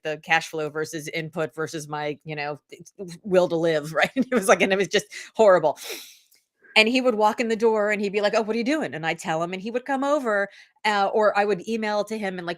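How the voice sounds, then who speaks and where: A middle-aged woman, an author guest in a casual interview, telling stories and acting out the lines of other people. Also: on the low side. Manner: animated storytelling, acts out quotes.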